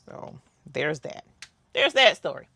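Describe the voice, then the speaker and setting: Slow, gravelly woman chatting. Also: deep voice, big pitch swings, sharp tone, no room sound. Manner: chatty storyteller, talks to viewers, reads out chat comments. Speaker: crafting livestream host. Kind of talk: casual livestream chat.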